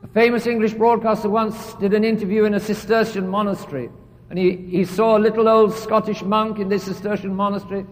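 A man's voice: high-pitched, little pitch movement, fairly quick, in a large hall. A man preaching a sermon in a church, earnest and emphatic, repeating phrases for stress.

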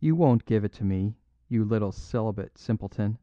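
A man's voice: on the low side, normal speed, warm tone, no echo, natural voice. A man reading an audiobook, voicing a bold, mocking male master thief in a dry, dull recording. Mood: gloating. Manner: mocking, boisterous.

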